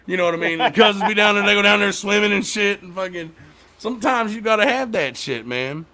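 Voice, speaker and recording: A man's voice: high-pitched, animated, fast, bright, forceful tone. A young adult man, a father, chatting casually as a podcast host and telling loose, profane stories about his kids. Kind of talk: casual chat.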